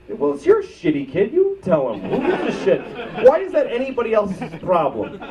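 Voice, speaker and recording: A man in his thirties doing live stand-up, profane and ranting, swinging from loud outbursts to low muttered asides. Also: wildly swooping pitch, normal speed. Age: 30s. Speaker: stand-up comedian. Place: comedy club stage. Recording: muffled bootleg recording from a distance with loud crowd noise. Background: audience laughter.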